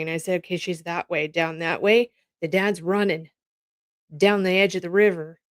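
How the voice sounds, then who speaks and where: A woman's voice: on the low side, no echo. A woman from Canada hosting a casual commentary from home, telling stories in a rambling, heartfelt way that verges on tears. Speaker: host reacting to news clips.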